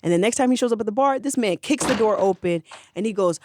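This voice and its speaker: Animated slangy comedic storyteller. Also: medium pitch, fast talker, a little hiss or hum. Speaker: podcast storyteller. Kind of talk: comedic history retelling.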